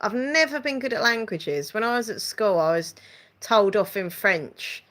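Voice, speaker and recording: Essex woman rambling on a live stream, bright tone, giggly, chats to her viewers. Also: mid-range voice, expressive, moderate pace. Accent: Essex English. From England. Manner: chatty and rambling, reads out viewer comments. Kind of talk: casual live-stream chat.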